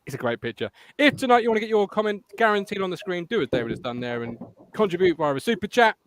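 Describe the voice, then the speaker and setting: A man hosting a casual football podcast, chatty and quick to laugh, reading out viewer comments. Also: sits high, very animated, slight background noise. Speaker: podcast host. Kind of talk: casual live-stream chat.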